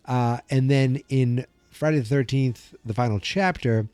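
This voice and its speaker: A man's voice: mid-range voice, measured pace, a little mellow, smooth, no room sound, soft background music. A man hosting a solo podcast in a casual, rambling way, often cutting himself off and restarting with jokes. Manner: rambling, self-interrupting, jokey. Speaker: podcast host.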